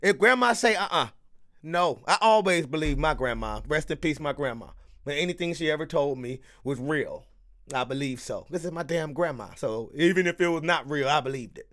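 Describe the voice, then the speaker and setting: A man reacting to a story in loud, joking casual commentary, laughing and breaking into sing-song. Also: a little high, animated, normal speed.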